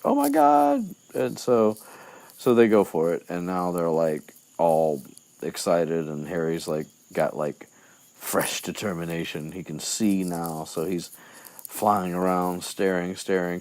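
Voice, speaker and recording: A man's voice: sits low, steady tone, slow pace, darkish tone. A man recapping a book chapter in loose, rambling chat, with lots of fillers and restarts. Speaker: podcast host.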